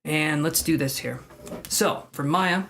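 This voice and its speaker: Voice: medium pitch, takes it slowly, vocal fry, a bit bright, slight background noise. A tarot reader hosting a casual live stream from home, chatting with viewers by name and making jokes at their own expense. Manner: chatty and self-joking, addressing viewers by name.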